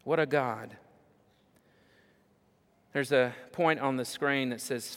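A man's voice: mid-range voice, slow pace, pauses often. Preaching man in a reverberant hall. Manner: building to loud emphatic repetition. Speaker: pastor. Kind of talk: sermon.

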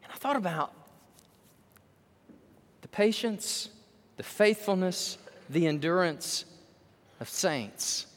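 A man preaching a sermon and telling a story, animated, swinging from loud to hushed, in a church sanctuary. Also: high-pitched, slow pace, pauses often. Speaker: pastor. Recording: long hall reverb.

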